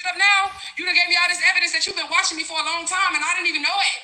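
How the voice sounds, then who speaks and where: A woman's voice: very high-pitched, racing, echoey room, low-quality recording. Fired-up woman ranting to her viewers. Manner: animated, profane, talks straight to viewers. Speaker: vlogger. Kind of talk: ranting storytime, reading out messages.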